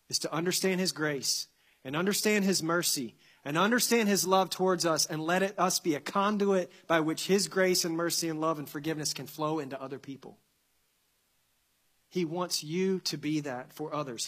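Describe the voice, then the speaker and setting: A man's voice: high-pitched, fairly bright tone. A male pastor preaching a sermon that ends in prayer, earnest and building to impassioned emphasis with repeated phrases.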